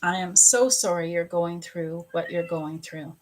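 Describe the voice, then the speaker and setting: A woman psychic medium giving a live reading at home, gently sympathetic, halting with pauses and fillers. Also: on the low side. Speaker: spiritual coach and psychic medium. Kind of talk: live psychic reading answering viewers' questions.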